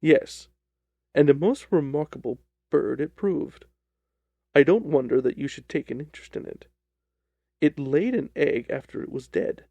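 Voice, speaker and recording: A man voicing a calm, confident detective who speaks in a measured, dryly ironic way in an audiobook reading of a detective story. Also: a little high, creaky, husky, dry recording, full character voice. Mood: sly.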